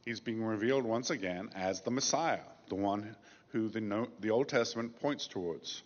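Male pastor, deep-ish voice, measured sermon delivery with stressed slow phrases; dull recording, long reverb.

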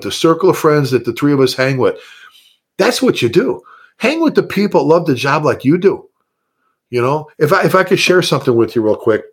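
A middle-aged man, a fire chief, talking casually and animatedly, jumping into high mocking voices for people he quotes. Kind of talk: casual podcast conversation.

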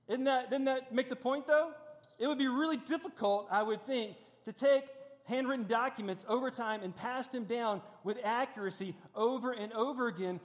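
A middle-aged man preaching a sermon in a large church. He talks conversationally, with self-deprecating humor and frequent restarts, while running a demonstration on stage. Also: high-pitched. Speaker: pastor. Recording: long hall reverb.

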